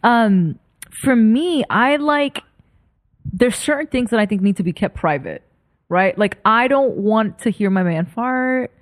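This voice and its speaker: Lively, teasing woman guest. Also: a little high, unhurried. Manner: teasing, laughs often. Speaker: podcast guest. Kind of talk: casual chat.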